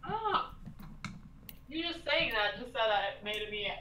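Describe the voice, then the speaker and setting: A woman playing at a tabletop game table, animated and excitable in casual chat. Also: medium pitch, brisk, recorded from a distance, background noise. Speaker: player. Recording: echoey room, away from mic.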